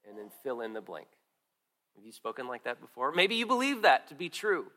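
A middle-aged man preaching a sermon, earnest and conversational, swinging from strong emphasis to quiet asides with frequent restarts. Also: on the high side, big pitch swings, fairly quick. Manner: earnest, rises and falls in loudness, drops to quiet asides; conversational with restarts and repeated words. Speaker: pastor.

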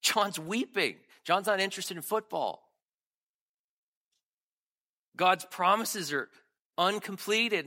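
A man preaching a sermon, dramatic, swinging between loud emphatic lines and hushed ones. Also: on the high side. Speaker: pastor.

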